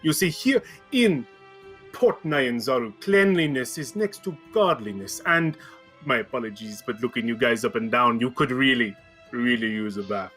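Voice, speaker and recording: A man's voice: medium pitch, animated, moderate pace, sharp tone, faint music behind, pitched below the performer's own voice. A man voicing a boastful, wealthy male merchant prince who speaks in grand, formal phrases.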